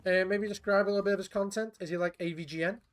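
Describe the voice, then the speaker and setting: A man's voice: high voice, steady tone, racing. A man, chatting casually to viewers while streaming games, rambling and swearing. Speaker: game streamer. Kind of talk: casual live-stream chat.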